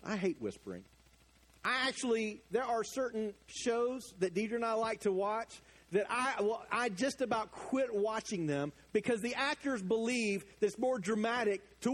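Middle-aged male pastor preaching; expressive, fairly high voice, moves from quiet to emphatic. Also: moderate pace. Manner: animated, swings from hushed to loud emphatic. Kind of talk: sermon.

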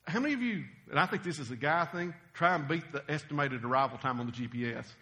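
A man preaching a sermon, folksy and animated, telling stories with humor. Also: a little high, fast talker, few pauses.

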